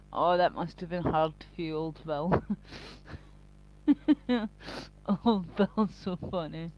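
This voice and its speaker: A woman's voice: fairly low pitch, lively intonation, very slow, pauses often, darkish tone. A woman chatting live to her stream viewers in a rambling, crude and profane way. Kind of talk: casual live-stream chat. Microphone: cheap built-in mic. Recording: dull lo-fi home stream audio.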